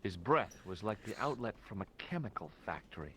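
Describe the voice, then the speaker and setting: An actor playing a wry, dry-humored American tourist hero who also narrates the game. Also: male voice, lowish voice, very animated, brisk, bright, forceful tone, slightly rough, exaggerated voice.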